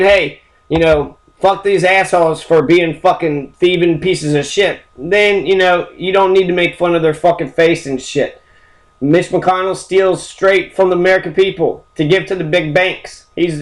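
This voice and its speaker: Angry, foul-mouthed ranting man. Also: high voice. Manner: angry, heavily swearing, rambling. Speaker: history channel host. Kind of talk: profane history rant.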